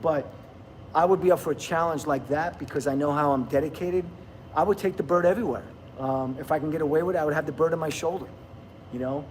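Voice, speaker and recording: A man's voice: fairly high pitch, fast talker, slight background noise. A middle-aged man, hosting a casual livestream, chatting, laughing and reading viewer comments aloud. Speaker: livestream host.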